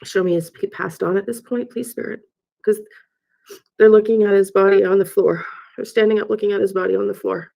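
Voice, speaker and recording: A woman working as a psychic medium in a live spirit-channeling session, speaking haltingly, repeating herself and often dropping to a whisper. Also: mid-range voice, steady tone, creaky, dark tone.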